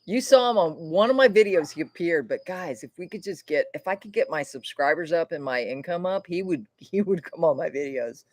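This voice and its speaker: A woman's voice: on the low side, expressive, brisk, few pauses, a little mellow, dry recording. A woman from Florida hosting a casual livestream, rambling and chatty and swearing freely. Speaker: livestream host.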